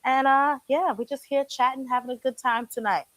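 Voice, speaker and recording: A woman's voice: sits high, a little fast, no echo. A woman co-hosting a casual live stream from her couch, telling stories with a lot of laughter. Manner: animated storyteller, laughs often, chews while talking. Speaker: co-host. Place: home couch.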